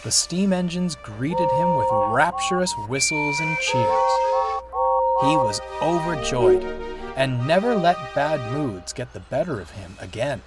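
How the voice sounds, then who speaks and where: Unhurried man reading a storybook. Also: on the high side, lively intonation. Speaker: narrator. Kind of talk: storybook narration. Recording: music playing behind the voice.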